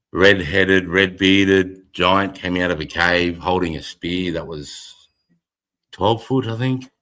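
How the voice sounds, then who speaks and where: Deep-voiced Australian man rambling. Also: fairly bright tone. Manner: rambling, heavy swearing, frequent laughter. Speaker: livestream host. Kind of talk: casual livestream chat.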